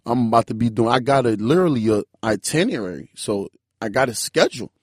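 A man in his twenties telling a story in loose casual chat, animated and full of "bro" and "like". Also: mid-range voice, quick pace, breathy edge, dry recording, clean studio sound. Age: 20s. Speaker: podcast guest.

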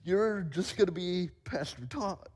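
A man's voice: high voice, lively intonation, measured pace, a little mellow, husky. A man in his forties preaching a sermon as pastor, in a playful, self-mocking storytelling manner. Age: 40s. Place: church sanctuary. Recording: reverberant church hall.

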